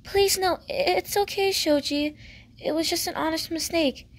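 A woman voicing a lonely, hopeful teenage girl who speaks softly and hesitantly. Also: very high voice, measured pace, voice pushed up. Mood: reassuring.

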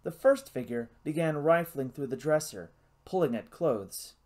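A man's voice: fairly high pitch, expressive, measured pace, darkish tone. Man reading a novel aloud. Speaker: narrator. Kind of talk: audiobook narration.

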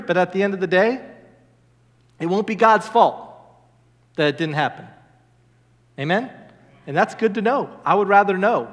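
A young man preaching a sermon as minister, animated and enthusiastic, often asking "amen?". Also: high-pitched. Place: church sanctuary. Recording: long church reverb.

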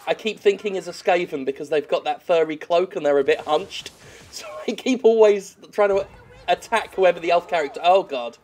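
A man talks through his own gameplay in a profane, joking let's-play commentary. His voice sits a bit high for a man, and he breaks into excitable yells at the enemies on screen. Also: normal speed. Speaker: games critic playing a game.

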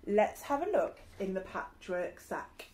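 A woman voicing a calm, unflappable boy captain in a storybook, speaking in a breezy, reassuring way. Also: mid-range voice, measured pace.

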